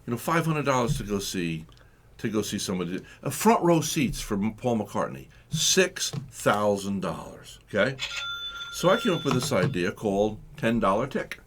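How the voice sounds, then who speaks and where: A man's voice: fairly low pitch, normal speed, noisy background. A man hosting a live comedy talk radio show, joking and acting out little scenes. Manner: animated, jokey, acts out voices, laughs often. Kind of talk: comic radio banter.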